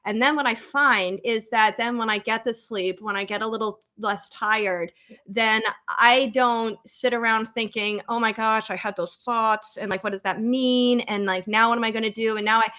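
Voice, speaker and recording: Bright-voiced American woman, candid. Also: a little high. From United States. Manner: candid, conversational, quotes her own thoughts. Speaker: psychologist guest. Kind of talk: podcast interview.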